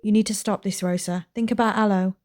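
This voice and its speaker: A woman's voice: medium pitch, steady tone, a little fast, a little mellow, slight background noise, close to an everyday voice. A woman voicing a stern older grandmother who scolds bluntly, reading game dialogue aloud. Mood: scolding.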